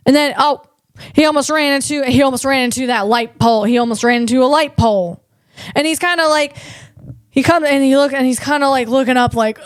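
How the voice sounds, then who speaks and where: Woman comedian, podcast host, high voice, loud, playful, dry close sound. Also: a little fast, clean tone, no room sound. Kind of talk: comedic tech commentary.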